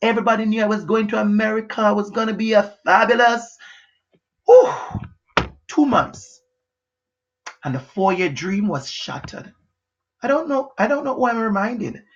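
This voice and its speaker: A man giving an unscripted motivational talk from his house, emphatic and repetitive, pushing hard and sometimes shouting. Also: high-pitched, expressive, moderate pace, pauses often, highs cut off. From Jamaica. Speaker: motivational educator. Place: house, indoors.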